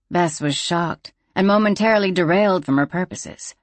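A steady audiobook narrator reading a novel in a measured, even way at a middle pitch. The recording is close and dry, with nothing around the voice. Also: dry recording.

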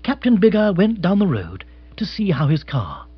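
A man narrating an audiobook in a dry, measured storytelling way. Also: sits high, wildly swooping pitch, husky, dull audio. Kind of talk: audiobook reading.

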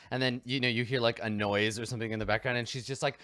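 A man's voice: medium pitch, steady tone, fast, bright, forceful tone, clean tone, no echo, studio quality. A man running a tabletop game as game master, narrating loosely with plenty of fillers. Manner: loose, rambling, full of fillers and laughs.

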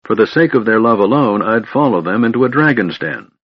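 Male narrator as a steady, kindly smith, husky, dry lo-fi audiobook sound. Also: on the low side, a little fast, no echo. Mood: gentle. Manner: gentle, steady. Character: blunt middle-aged human smith, gentle and wise. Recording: muffled lo-fi recording.

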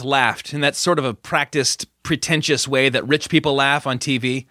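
A man reading an audiobook with a bright, forceful tone and measured, dramatic pacing. He is close-miked in a dry studio with no room sound. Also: medium pitch, no echo. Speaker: narrator. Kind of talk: audiobook narration.

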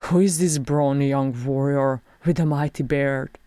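A woman voicing a gruff old male dwarf warrior, speaking softly and tenderly to his children. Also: extremely low pitch, fairly even intonation, normal speed, no echo, clean studio sound. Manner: soft, gruff and wheezy.

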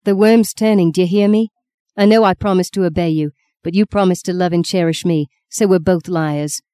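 A woman's voice: fairly low pitch, fairly even intonation, a little fast, clean tone, dry recording, clean studio sound, lightly acted. A woman voicing a fed-up young wife. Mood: defiant. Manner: sharp, resentful, insistent.

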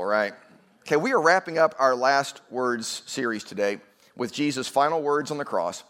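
Guy pastor giving a sermon, chatty and relaxed, lots of "right?" and "okay". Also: mid-range voice. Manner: conversational preaching with asides and rhetorical questions.

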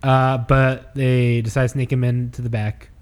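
A man's voice: mid-range voice, level tone, normal speed, clean tone. A man co-hosting a podcast, chatting casually with blunt, profane jokes. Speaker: podcast co-host. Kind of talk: casual chat.

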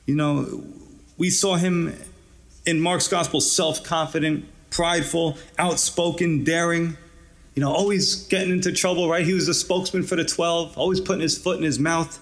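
A pastor preaching a conversational, encouraging sermon, often adding "you know" and "right". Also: male voice, a little high, steady tone, moderate pace.

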